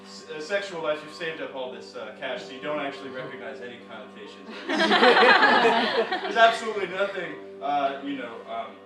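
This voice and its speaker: A man's voice: mid-range voice, animated, fast talker, few pauses. A man narrating an interactive story to a live audience in a rambling, playful way, full of fillers, restarts and joking asides. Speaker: storyteller and comics reader. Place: live performance venue. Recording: echoey room from a distance with music.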